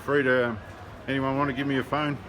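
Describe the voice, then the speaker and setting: A man's voice: medium pitch, little pitch movement, fairly quick. An Australian man vlogging while he walks and rides through city streets, talking bluntly and swearing, with lots of ums. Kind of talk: casual video diary. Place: city streets outdoors, walking and riding. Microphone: handheld phone. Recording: phone video with loud street noise.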